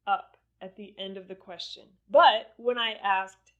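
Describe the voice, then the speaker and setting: A woman teaching English pronunciation in a scripted lesson, speaking deliberately and exaggerating her intonation in the examples. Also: medium pitch, steady tone.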